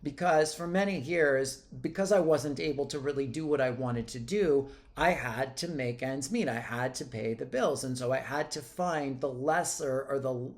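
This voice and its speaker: A man in his thirties, a life coach talking to camera in a blunt, emphatic way and swearing freely. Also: medium pitch. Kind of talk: casual monologue to camera.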